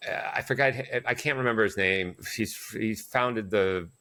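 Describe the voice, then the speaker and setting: A man with a low-pitched voice answers as a guest in an interview. His speech is halting, full of "uh"s and restarted phrases. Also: bright, forceful tone. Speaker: guest, psychotherapist and author.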